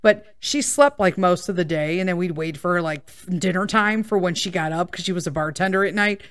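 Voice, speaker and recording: A woman's voice: lowish voice, fairly quick. A woman from the Chicago area hosting a podcast, telling a personal story in a casual, rambling way, full of swearing and tangents. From Chicago area, USA. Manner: swears a lot, rambling tangents, keeps checking in with "okay?" and "right?". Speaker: podcast host.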